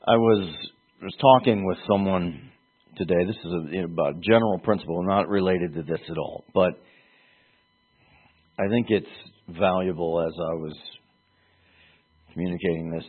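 A man teaching a Bible passage in a sermon, speaking haltingly and repeating words for emphasis. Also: low voice, husky. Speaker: preacher. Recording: tinny phone-like sound.

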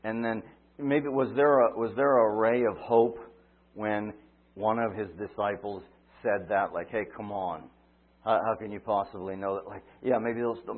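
A man preaching a sermon, retelling a story dramatically, swinging from loud cries to quiet asides. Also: lowish voice, husky. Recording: tinny phone-like line.

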